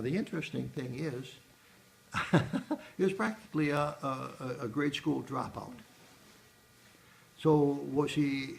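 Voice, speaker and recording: A man's voice: medium pitch, creaky. A man giving a museum tour, explaining exhibits in a rambling way with many hesitations and restarts. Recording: echoey room, faint background noise.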